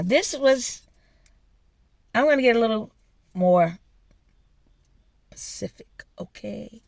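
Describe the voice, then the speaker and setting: A woman's voice: medium pitch, creaky, dry recording. A woman vlogger telling a personal story in a blunt, profane, emphatic way. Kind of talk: casual storytelling rant.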